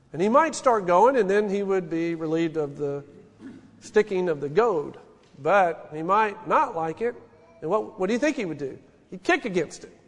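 A man in his forties preaching a sermon, telling stories with an animated, folksy manner. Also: high voice. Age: 40s. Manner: storytelling, animated, folksy asides. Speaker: pastor. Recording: long hall reverb.

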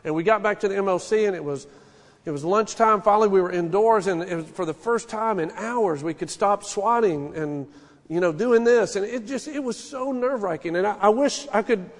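A man in his forties preaching a sermon, telling stories with an animated, folksy manner. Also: sits high, brisk. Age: 40s. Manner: storytelling, animated, folksy asides. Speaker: pastor. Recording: long hall reverb.

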